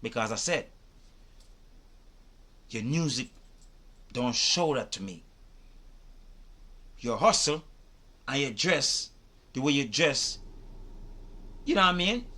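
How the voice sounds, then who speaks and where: A man's voice: medium pitch, lively intonation, slow pace, long pauses, pushed and bright. A man giving emphatic, rhetorical commentary on a video, repeating his questions and swearing as he makes his point. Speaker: reaction video host. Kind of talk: animated commentary to camera.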